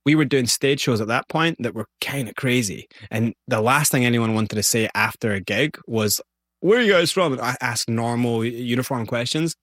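A man with a Scottish accent, telling animated stories as an interview guest. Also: medium pitch, normal speed, few pauses, no echo, clean studio sound. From Scotland. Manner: animated, vivid storyteller. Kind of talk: storytelling interview.

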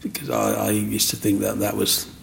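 A man's voice: on the low side, moderate pace, slight background noise. A man telling his life story in an interview, acting out the voices of people he met. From England. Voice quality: gravelly. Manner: animated storyteller who acts out other people's lines.

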